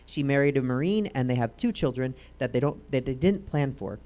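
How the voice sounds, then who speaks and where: A woman's voice: very deep voice, expressive, fairly quick, mellow. Dry, joking woman talk show host. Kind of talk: comedy talk show hosting.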